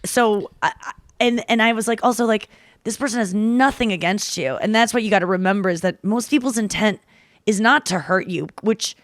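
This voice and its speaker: A woman hosting a podcast, talking fast in a rambling, self-deprecating way in casual chat. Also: mid-range voice, no echo, clean studio sound. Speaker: podcast host.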